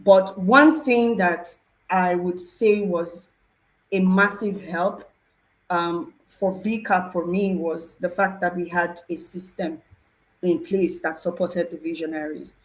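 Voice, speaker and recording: A woman's voice: lowish voice, steady tone, takes it slowly, poor audio. A woman sharing a personal testimony on a panel talk show, earnest and emotional, telling her story with feeling. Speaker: program participant sharing testimony.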